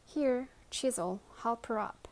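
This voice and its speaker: A woman's voice: a little high, slow, pitched above the performer's own voice. A woman voicing a commanding toy knight who calls out orders in a storybook reading.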